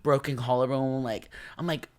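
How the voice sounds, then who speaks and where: A teenage man telling a story as a podcast guest, animated and full of fillers, loudly acting out what others said. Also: medium pitch, normal speed, crowd noise. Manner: animated, acts out quotes loudly, heavy filler "like". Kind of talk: casual storytelling.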